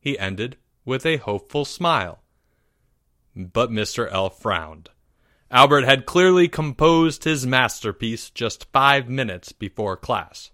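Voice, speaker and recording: Brief: male narrator, storybook reading, bright clear tone, unhurried, dry booth. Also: mid-range voice, dry recording. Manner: measured, expressive reading.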